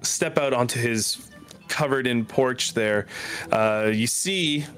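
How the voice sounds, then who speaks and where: A man narrating a tabletop game as game master, halting often with fillers. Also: mid-range voice, a bit bright, soft background music.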